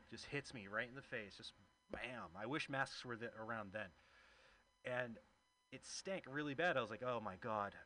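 Bright-voiced male stand-up comic. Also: mid-range voice, a little hiss or hum. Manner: storytelling, acts out quoted voices. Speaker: comedy show host and stand-up comic. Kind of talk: stand-up comedy. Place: comedy venue, live audience.

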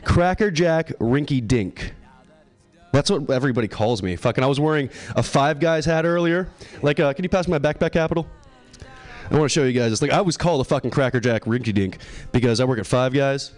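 A young man in his twenties works through a stand-up set at an open mic in a voice of medium pitch. He swears freely, mocks his own jokes and drifts into rambling asides. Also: fast talker. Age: 20s. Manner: profane, self-deprecating, rambling asides. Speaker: stand-up comedian. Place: open mic comedy show.

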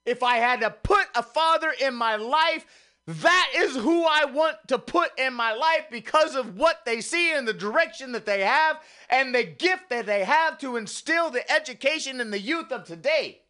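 A man hosting a radio show, delivering an impassioned, preacher-style monologue that swings from hushed murmurs to rising exclamations, a little out of breath. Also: very high-pitched, expressive, normal speed. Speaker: radio host.

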